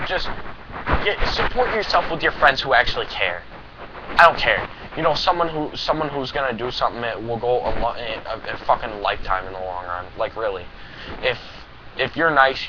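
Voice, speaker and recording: A teenage boy vents in a rambling, emphatic rant full of swearing. The recording is dull and lo-fi, with a clear layer of noise and passing vehicles behind him. His pitch sits in an ordinary middle range for a young man. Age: teens. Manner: profane, rambling, emphatic ranting. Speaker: vlogger. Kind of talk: anti-bullying rant to camera.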